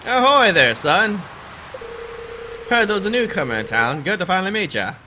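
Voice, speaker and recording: Guy putting on a loud old sea dog fisherman voice, raised and bouncy, game music behind. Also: high-pitched, sing-song, normal speed, noisy background, pitched above the performer's own voice. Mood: hearty. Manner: boisterous sailor voice. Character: hearty old male sailor fisherman.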